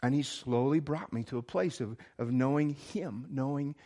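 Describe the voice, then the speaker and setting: A man preaching a sermon as a pastor, earnest, swinging from emphatic lines to hushed, quiet ones. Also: mid-range voice, moderate pace.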